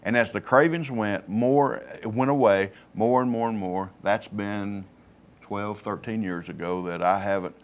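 A man sharing his personal faith testimony on a Christian TV program, plainspoken and halting. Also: fairly low pitch, steady tone. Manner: plainspoken, halting, many fillers. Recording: local cable TV studio.

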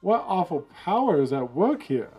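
A man's voice: sits high, very animated, normal speed, warm tone, husky, faint music behind, pitched above the performer's own voice, heavily acted. A man reading game lines as a worried, formal old mushroom chancellor in a video game. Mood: earnest. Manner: anxious, formal.

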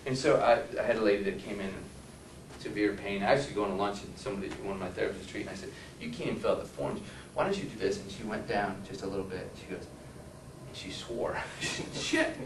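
A man's voice: lowish voice, fast talker, background noise. Rambling male therapist in an echoey room. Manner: rambling storyteller, asks the audience questions. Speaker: physical therapist teaching a workshop. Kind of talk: anecdotal lecture to a live audience. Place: workshop room with an audience. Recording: echoey room from a distant mic.

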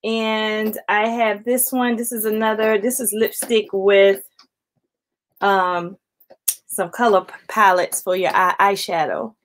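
A woman's voice: mid-range voice, fairly even intonation, slow. A woman chatting casually on a late-night live stream from home, showing off a haul and calling her viewers y'all. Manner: chatty, addresses viewers as y'all, greets chat commenters. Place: at home, indoors.

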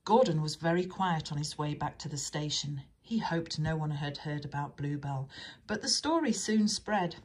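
Husky woman reading a children's story. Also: low-pitched, expressive, normal speed. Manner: chatty asides.

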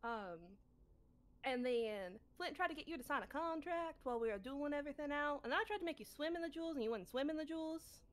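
A woman with a high, expressive voice talks fast while playing a scatterbrained, stubborn adventurer. Staying in character, she recaps a tabletop game session in a rambling, forgetful, blunt way, swearing casually.

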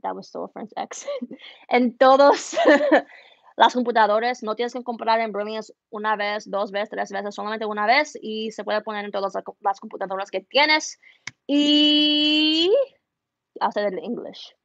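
A woman's voice: mid-range voice, steady tone, a little fast, creaky, a bit bright, no echo, dull audio. A woman who runs an embroidery business, chatting casually as she answers viewer questions and switches between English and Spanish, laughing at herself. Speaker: embroidery business owner answering live chat. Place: home embroidery studio.

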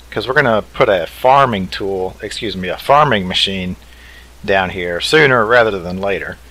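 A man's voice: lowish voice, bright, forceful tone, low-quality recording. A man hosting a let's play, thinking aloud in an easygoing way as he builds. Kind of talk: casual game commentary.

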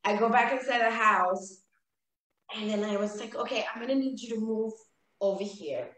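Woman telling a story on a stream, lively and laughy, kinda high voice, roomy echo. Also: moderate pace. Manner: animated, laughing, acts out her own lines. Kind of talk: casual storytelling on a live stream.

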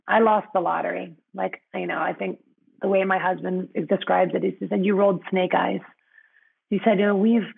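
A woman's voice: medium pitch, gravelly, narrow, tinny audio. A woman guest in a conversational interview, speaking frankly with many fillers and frequent laughter.

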